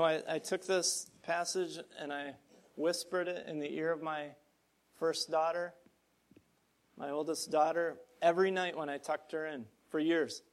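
Middle-aged male pastor, earnest and gently emphatic, voice sitting a touch high. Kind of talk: sermon.

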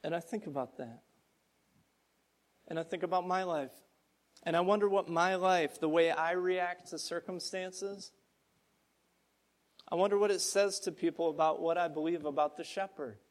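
A middle-aged man preaching a sermon, telling a story in an earnest, gently emphatic way. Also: fairly high pitch, normal speed, pauses often. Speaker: pastor.

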